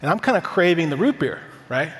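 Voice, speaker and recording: In a church sanctuary, a pastor in his thirties delivers an upbeat, conversational sermon to his congregation, weaving in personal stories. His voice is a little high and fairly bright, with big pitch swings and a slightly fast pace. The church hall gives the recording plenty of reverb.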